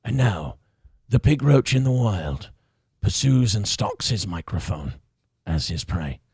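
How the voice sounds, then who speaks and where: A man's voice: fairly low pitch, sing-song, a little mellow, breathy edge, no echo, clean studio sound, voice pushed down, exaggerated voice. A man putting on a grave wildlife documentary narrator. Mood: solemn. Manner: slow, grave documentary delivery. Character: deep-voiced male wildlife documentary narrator, solemn. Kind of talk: mock nature documentary narration.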